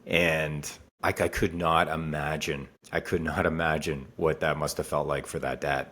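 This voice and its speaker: A man's voice: a bass voice, little pitch movement, normal speed, fairly bright tone. A man co-hosting a podcast and talking about being a father, earnest and repeating phrases for emphasis. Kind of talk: casual podcast chat.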